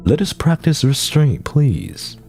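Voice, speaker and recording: A man voicing a solemn alligator priest in a game, talking slowly and gravely. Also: a little high, sing-song, darkish tone, soft background music, voice pushed up, heavily acted.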